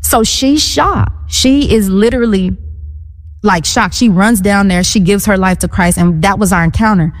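A woman in her thirties telling her faith story in an interview, animated and acting out what people said. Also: mid-range voice, moderate pace, big-room sound. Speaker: guest. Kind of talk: testimony in a conversational interview.

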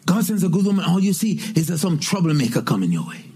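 A middle-aged male pastor preaching a sermon, emphatic, with repeated refrains and shouted exclamations. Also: sits high, big pitch swings, fast talker.

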